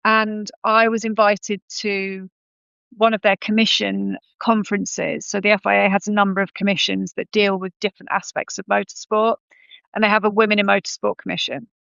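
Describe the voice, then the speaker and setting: Woman in her 30s chatting as a guest, lots of ums, gravelly edge, kinda smooth. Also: mid-range voice, flat delivery, normal speed, a bit bright, no room sound, muffled recording. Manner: frequent ums and self-corrections. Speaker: podcast guest. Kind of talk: conversational storytelling.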